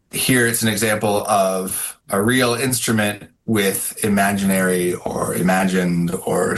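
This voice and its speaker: A man's voice: sits low, fairly bright tone. A man speaking as a guest author in an interview, thoughtful, with many fillers and restarts. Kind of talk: casual interview answers.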